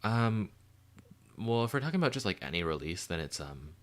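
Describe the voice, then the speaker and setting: A man hosting a livestream, chatting casually and excitedly while answering chat questions, rambling with lots of fillers. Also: lowish voice, brisk.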